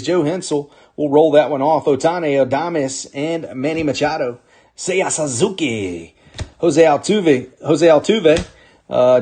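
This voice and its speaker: Husky-voiced guy running a card break, a bit high, keeps it upbeat and chatty calling out the pulls. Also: a little mellow. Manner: upbeat, calls out names and teams while opening packs. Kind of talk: live card break commentary.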